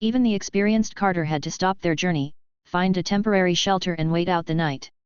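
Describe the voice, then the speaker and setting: A woman narrating an audiobook with a steady, even reading style. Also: lowish voice, a little fast, clean tone, dry recording, muffled recording. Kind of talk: scripted narration.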